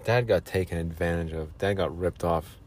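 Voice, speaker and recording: A man's voice: sits low, normal speed, darkish tone. A man hosting a solo podcast, ranting sarcastically in a rambling monologue. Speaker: podcast host.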